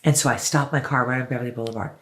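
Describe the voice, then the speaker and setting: A woman's voice: rumbling low, steady tone, racing, fairly bright tone. A woman singer as an interview guest, chatting casually and telling stories effusively, with some swearing. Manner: effusive storyteller, swears freely.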